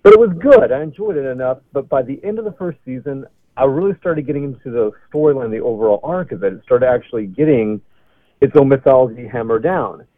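A man's voice: medium pitch, expressive, fast, dry recording. Male phone-in caller, earnest, heard through a thin phone line. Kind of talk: casual chat.

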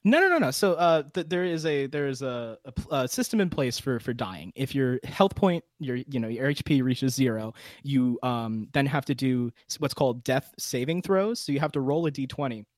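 A man's voice: mid-range voice, normal speed, few pauses, a little mellow, dry recording, studio quality. A young man, a game master guest, chatting casually, laughing often and restarting his sentences. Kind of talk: casual chat.

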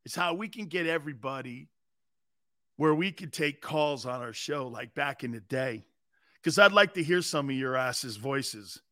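A man hosting a football talk show in an animated, rambling storytelling manner. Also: medium pitch, normal speed, dry recording, clean studio sound. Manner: loud, rambling storyteller with frequent laughs. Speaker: host.

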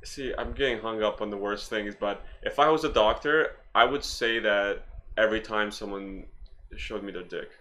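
A young man in casual podcast chat, trading dark, sarcastic jokes. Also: fairly low pitch, moderate pace. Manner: dark sarcastic humor, laughs a lot.

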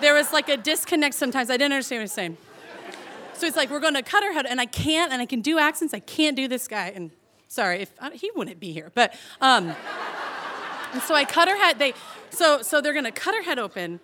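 A young woman telling a personal story to a live audience, chatty and animated, laughing and peppering her talk with "like". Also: sits high, brisk, crowd noise, background noise.

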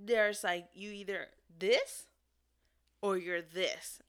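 A woman's voice: medium pitch, slow, clean tone. Young woman, casual chat, heartfelt and candid, mid-range voice. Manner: earnest, emotional, laughs often.

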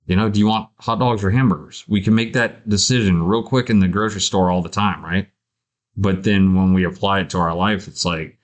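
A man hosting a podcast, telling a story in casual conversation with a lively voice and frequent swearing. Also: low-pitched, brisk. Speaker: podcast host.

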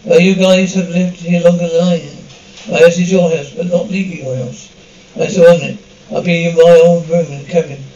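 A man's voice: on the high side, little pitch movement, brisk, dark tone, close to an everyday voice. An actor playing a wisecracking male TV-detective actor who has come back home, talking in breezy, joking banter. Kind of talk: TV drama dialogue. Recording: muffled, roomy TV audio from a distance.

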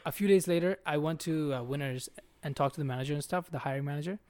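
A man's voice: a little high, fast, no room sound. A young man hosting a podcast, telling a story in casual, profane slang and calling his friend "bro". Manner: profane, animated, says "bro" a lot. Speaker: podcast host.

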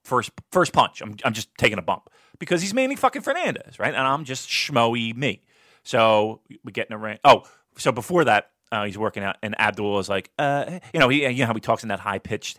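A man telling casual stories in a podcast chat, animated and swearing, often jumping into a high voice when he quotes people. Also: brisk, dry recording, clean studio sound.

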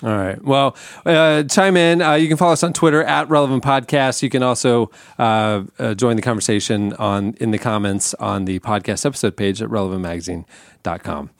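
A man's voice: medium pitch, a little fast, dry recording, clean studio sound. A man hosting a podcast, chatting casually with laughs and reading the outro plugs with lots of fillers. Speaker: podcast host.

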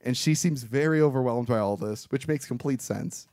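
A man's voice: medium pitch, normal speed, darkish tone, no echo, clean studio sound. A man co-hosting a podcast, casually recapping a bad movie's plot and laughing often. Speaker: podcast co-host.

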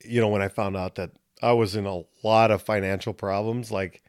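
A man, a former fighter, telling a long story on a podcast in a loose, profane, animated way. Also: lowish voice, brisk, hardly any pauses, smooth, no echo, clean studio sound. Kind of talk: casual storytelling chat.

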